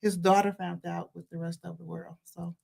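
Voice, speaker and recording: A woman on a casual faith and news chat, explaining the news carefully with many pauses and ums. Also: lowish voice, level tone, vocal fry, a little mellow. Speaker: panelist on a faith and news show.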